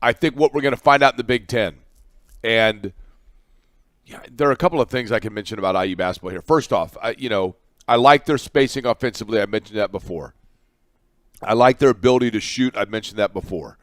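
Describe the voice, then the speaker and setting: Man, sports talk co-host, emphatic, repeats his points, mid pitch, dry sound. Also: brisk, a bit bright, dry recording.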